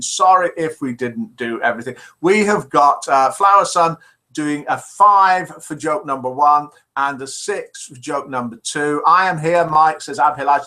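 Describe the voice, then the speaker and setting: Older midlands man hosting a call-in show, slightly high, bright, chatty, reads messages aloud. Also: rough recording. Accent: English Midlands. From England. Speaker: host. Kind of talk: live call-in show chat.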